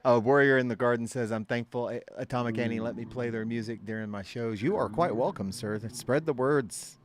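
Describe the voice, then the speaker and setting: A man's voice: medium pitch, brisk, a little hiss or hum. A man hosting his band's live stream in casual chat, rambling with many fillers and frequent laughs. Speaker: band member and stream host.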